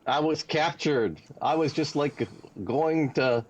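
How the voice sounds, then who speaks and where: A man's voice: fairly high pitch, slow pace. A man voicing a rescued male dwarf miner in a put-on brogue during a tabletop game. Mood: rattled. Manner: put-on brogue the players call Irish. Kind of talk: tabletop role-play voice.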